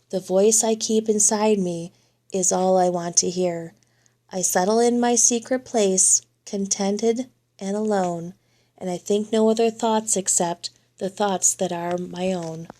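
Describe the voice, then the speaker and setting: A woman reading children's poems aloud, in a lively and expressive read-aloud manner. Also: medium pitch, a little slow. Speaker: reader.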